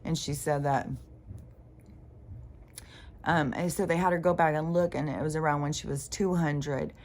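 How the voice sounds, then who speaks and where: A woman with a notably low voice talks in a loose, meandering monologue. She circles back on her thoughts, restarts often and swears freely as she goes. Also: steady tone, normal speed, a little mellow. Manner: meandering, profane, full of fillers and restarts. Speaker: spiritual vlogger. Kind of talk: rambling casual monologue.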